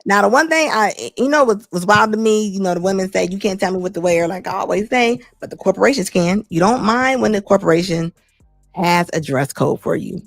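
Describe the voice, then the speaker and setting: A middle-aged woman hosting a talk show, giving blunt, animated opinion commentary and laughing often. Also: medium pitch, a little fast, vocal fry, no room sound, faint music behind. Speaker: host.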